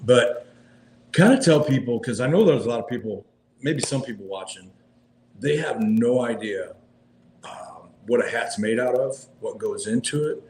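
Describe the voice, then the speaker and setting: A man's voice: mid-range voice, moderate pace, a little mellow. A man hosting a casual interview, enthusiastic and laughing often, repeating words as he goes. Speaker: interview host. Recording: echoey room with faint noise.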